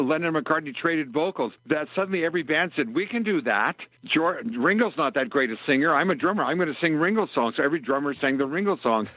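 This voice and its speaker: A man's voice: on the high side, no room sound. An older man from Canada, a musician guest in a phone interview, telling long rambling stories and acting out the dialogue. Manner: rambling anecdotal storyteller, acts out dialogue. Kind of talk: storytelling interview over the phone. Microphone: telephone. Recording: tinny phone line, dry.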